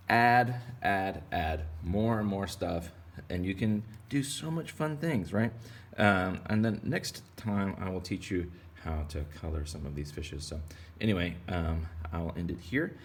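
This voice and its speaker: Low gravelly-voiced man teaching kids drawing. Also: slight background noise. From Texas. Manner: rambling, playful. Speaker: art teacher. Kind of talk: casual kids' drawing lesson.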